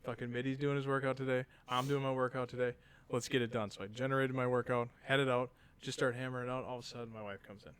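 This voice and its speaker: Man telling a lively story. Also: mid-range voice, fast talker, clean tone. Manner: animated storyteller acting out quotes. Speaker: podcast co-host. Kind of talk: casual chat.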